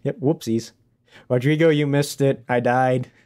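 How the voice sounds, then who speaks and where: A man's voice: mid-range voice, steady tone, measured pace, darkish tone. A man streaming a game live, chatting casually, laughing often and answering his chat as he plays.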